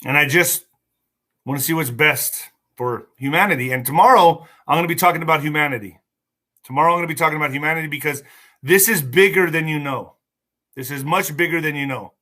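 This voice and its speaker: Excitable man ranting on a livestream. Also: a little high, brisk. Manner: excitable, mocking, rambling asides. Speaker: livestream host. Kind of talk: rambling political livestream.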